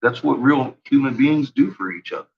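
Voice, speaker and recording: A man hosting a livestream in a casual, profane rant, laughing often and swinging from low mutters to loud shouting. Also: expressive, moderate pace, creaky, slightly rough, highs cut off. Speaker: livestream host.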